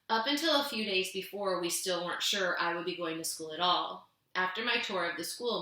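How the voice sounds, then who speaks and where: A woman reading a children's novel aloud, gently narrating and lifting her voice for the characters. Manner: gentle storytelling, voicing characters with raised pitch. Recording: echoey room.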